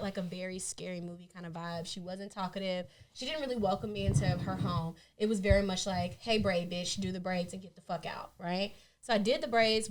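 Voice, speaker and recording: A woman co-hosting a podcast, chatting casually and telling blunt, profane stories with acted-out quotes. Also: mid-range voice. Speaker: podcast co-host. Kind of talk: casual chat.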